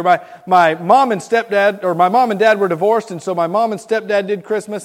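A high-voiced man from Miami, Florida, tells a group his Christmas memories in a hall. He's animated, stammering and repeating words as he goes.

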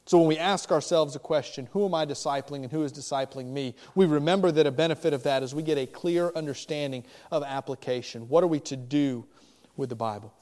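A pastor preaching a sermon, with animated, emphatic delivery and rising questions. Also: male voice, a little high, brisk, long reverb tail.

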